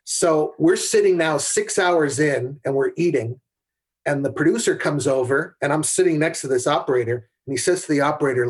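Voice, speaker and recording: Speaking at a moderate pace with a voice on the high side, this husky middle-aged camera assistant is a guest on a podcast. He recounts set stories conversationally, candid and anecdotal, frequently starting his sentences over.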